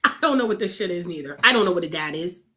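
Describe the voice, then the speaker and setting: A woman's voice: on the low side, expressive, fast, bright, forceful tone. A woman venting on her livestream in blunt, heavily profane casual talk. She is emphatic and keeps asking her viewers whether they follow her. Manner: emphatic, asks the audience for agreement. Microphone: streaming setup.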